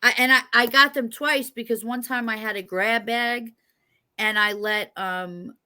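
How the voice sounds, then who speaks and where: A woman's voice: on the high side, steady tone, measured pace, bright, forceful tone. A woman from New York with a New York accent, hosting an interview in a chatty, joking, rambling way. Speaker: interview host. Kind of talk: casual chat interview.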